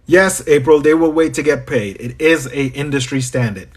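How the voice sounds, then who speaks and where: A man's voice: medium pitch, moderate pace, slightly rough. A man from Trinidad with a Trinidadian accent, coaching on a livestream Q&A. He is chatty, greets viewers by name and repeats his phrases. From Trinidad and Tobago. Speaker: business coach.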